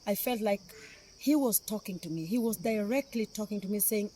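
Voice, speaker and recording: There is a little hiss or hum as a middle-aged, Kenyan-accented woman, a philanthropist on camera, makes an emotional, heartfelt appeal and repeats phrases for emphasis. Her voice is medium-pitched and mellow, and she speaks a little fast.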